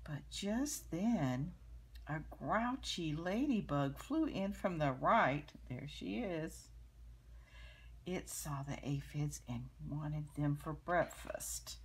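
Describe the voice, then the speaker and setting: An older woman with a very low, husky voice reads a picture book aloud to children. She speaks slowly and gently, stopping to explain the pictures. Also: animated. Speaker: storyteller reading to children.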